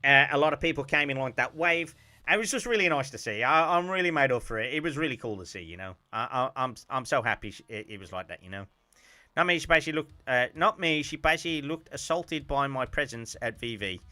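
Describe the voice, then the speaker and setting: Animated man with a bright voice. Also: medium pitch, fast. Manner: animated storytelling, bursts into loud laughing shouts. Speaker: streamer. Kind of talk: casual stream chat.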